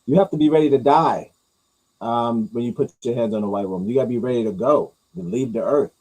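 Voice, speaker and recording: A man's voice: mid-range voice, fast, darkish tone, low-quality recording. A man giving casual, profane, rambling reaction commentary as a vlogger. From New York.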